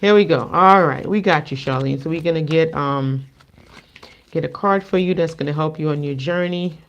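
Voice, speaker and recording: A woman from the Caribbean co-hosting a livestream, chatting casually and reading cards in an animated, playful way. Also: low-pitched, moderate pace, lo-fi sound, slight background noise. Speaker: co-host and card reader.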